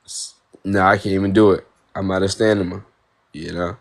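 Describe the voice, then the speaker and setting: A man's voice: low voice, fairly even intonation, moderate pace, creaky. A young man from Ohio chatting casually with viewers on a live stream, laid-back slang, repeating himself, on a phone mic. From Ohio, United States.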